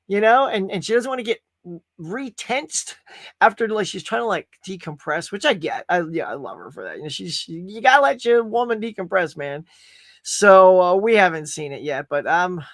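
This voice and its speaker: A man's voice: high-pitched, a bit bright, no echo. A middle-aged man hosting a casual livestream podcast from a home studio, rambling and laughing often as he talks to the chat. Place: home studio room with toys.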